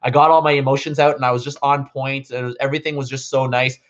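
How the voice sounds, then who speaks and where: A man's voice: mid-range voice, level tone, fast. Rambling male vlogger, dull lo-fi sound. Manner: rambling, full of "like" and "um" fillers. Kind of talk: casual storytelling to camera. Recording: dull lo-fi recording.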